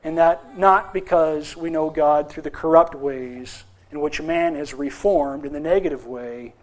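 A man with a high voice delivers a sermon in an emphatic preaching style. He repeats key phrases and builds them with rising force. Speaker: pastor.

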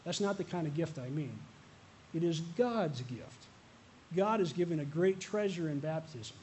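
A man's voice: on the high side, animated, unhurried, a little mellow, a little hiss or hum. A male pastor preaching a sermon, earnest and repeating a refrain, with light asides to the congregation. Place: church.

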